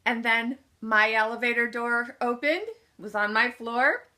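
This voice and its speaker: Woman, motivational speaker, storytelling, animated, acts out voices, bright forceful tone, slightly high pitch. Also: unhurried. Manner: animated storyteller who acts out what people said; asks the audience questions and answers them herself. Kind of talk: personal storytelling talk.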